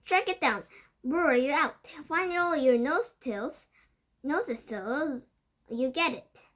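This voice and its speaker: A woman's voice: a little high, unhurried. A woman reading aloud, voicing a stern, domineering female witch leader who barks orders at her followers. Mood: furious. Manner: commanding, barking orders. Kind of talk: storybook reading.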